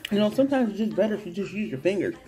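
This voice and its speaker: A woman's voice: mid-range voice, sing-song, racing, warm tone. A woman chatting casually into a phone camera while eating, laid-back and laughing often, with faint music behind her. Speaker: mukbang vlogger.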